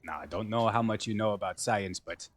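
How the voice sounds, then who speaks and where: A man's voice: on the low side, natural voice. A man voicing a careful scholarly alchemist. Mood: lecturing. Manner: measured, explanatory, with hesitations.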